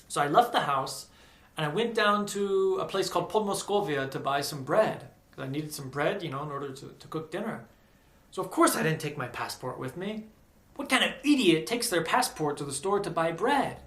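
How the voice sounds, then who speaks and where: An American man telling a personal story in a casual, animated way, acting out the voices of the people he quotes. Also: on the high side, moderate pace. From United States. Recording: echoey room.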